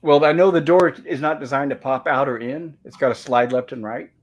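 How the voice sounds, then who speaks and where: A man's voice: mid-range voice, brisk, highs cut off. A man hosting a review livestream, casually reading out viewer comments in a friendly, rambling way with many fillers.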